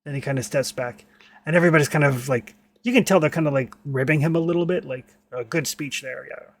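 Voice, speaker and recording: A man's voice: fairly high pitch, quick pace. A man narrating a tabletop game as game master, rambling with many filler words.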